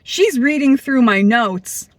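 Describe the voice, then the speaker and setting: Woman, blunt and profane, animated storytelling, dry close sound. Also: high voice, takes it slowly, no echo. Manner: blunt, profane, animated, acts out quoted people. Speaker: vlogger telling a personal story. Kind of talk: candid storytelling monologue.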